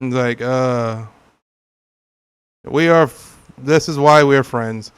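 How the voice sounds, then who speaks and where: A man's voice: medium pitch, slow, clear, resonant tone. Laughing, chatty male game streamer. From California. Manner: laughing often, joking, acts out silly quotes. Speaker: gaming streamer. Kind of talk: casual gameplay chat with viewers.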